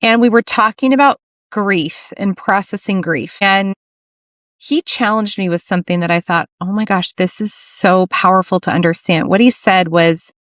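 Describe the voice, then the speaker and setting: A woman's voice: mid-range voice, moderate pace, a bit bright, dry recording, clean studio sound. A middle-aged woman hosting a podcast interview, talking earnestly and telling stories with quoted dialogue. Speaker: podcast host. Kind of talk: casual interview chat.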